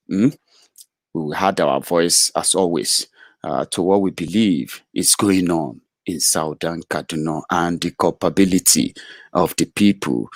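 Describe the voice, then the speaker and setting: A low-voiced man hosts a live political commentary broadcast. He talks haltingly, full of "uh" fillers and restarts. The sound is close and dry, with no room to it. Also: creaky, no room sound. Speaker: host of a political web show.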